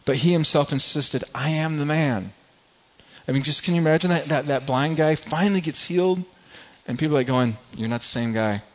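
A man's voice: on the high side, a little fast. A man preaching a sermon, earnest and repetitive, often restarting words and reading scripture aloud to the congregation. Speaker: pastor. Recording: dull lo-fi recording.

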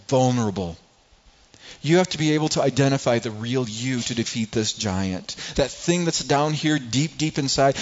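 A man's voice: medium pitch, muffled recording. A middle-aged man preaching a sermon in a conversational way, often repeating words and acting out everyday people. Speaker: pastor.

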